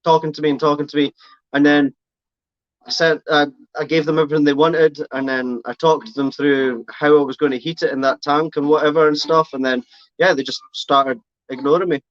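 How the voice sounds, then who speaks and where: A man's voice: a little high, flat delivery, fairly quick, dry recording, muffled recording. A man chatting casually on a live stream, rambling and correcting himself as he answers comments. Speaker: reptile keeper streaming live.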